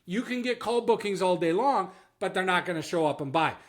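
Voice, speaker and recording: A man's voice: high voice, animated, fairly quick. Emphatic Canadian man coaching on marketing. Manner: emphatic, repeats "okay?" to drive points home. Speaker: business coach. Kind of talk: direct-to-camera marketing talk.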